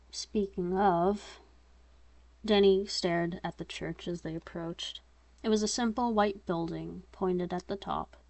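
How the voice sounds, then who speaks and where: A woman's voice: on the low side, darkish tone, no room sound. A young woman reading her own story aloud in an unedited, casual way, voicing narration and dialogue in her own voice and breaking off to comment on her slips.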